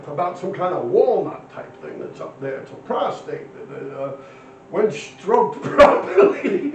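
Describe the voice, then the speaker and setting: Gravelly profane man in his fifties. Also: on the high side, background noise. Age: 50s. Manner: profane, rambling, streetwise. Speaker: interview guest. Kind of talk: casual storytelling. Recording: roomy, distant, dull lo-fi.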